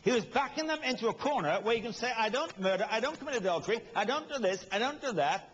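A man's voice: extremely high pitch, expressive, quick pace, few pauses, fairly bright tone, husky. A man preaching a sermon with emphasis, asking rhetorical questions and acting out quotes with humor. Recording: dull lo-fi recording with long hall reverb.

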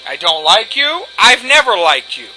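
A man's voice: sits high, very animated, moderate pace, sharp tone, a little hiss or hum, low-quality recording. A man hosting a let's play, talking casually over gameplay and going off on profane, rambling rants. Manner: rambling, profane, ranting asides. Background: faint video game music.

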